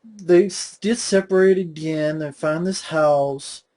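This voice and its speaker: A young man vents about a film in a slow, drawn-out delivery, his voice sitting a bit high for a man. He sounds exasperated and mocking and swears constantly, clearly fed up with what he watched. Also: mellow. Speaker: movie reviewer. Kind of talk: profane movie rant.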